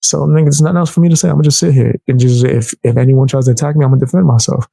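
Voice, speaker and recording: A young man telling a heated personal story in casual, animated speech, raising his voice to act out the people he quotes. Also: mid-range voice, racing, gravelly, dry recording. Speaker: storyteller vlogger.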